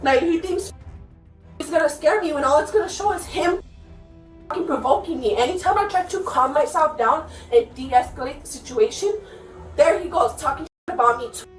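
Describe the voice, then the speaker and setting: A woman telling a police officer her side of a fight in her home, talking fast, heated and swearing. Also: sits high. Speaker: resident speaking to police. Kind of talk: agitated account to an officer. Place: inside a house, indoors. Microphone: police bodycam from a distance. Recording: echoey distant bodycam audio, faint music.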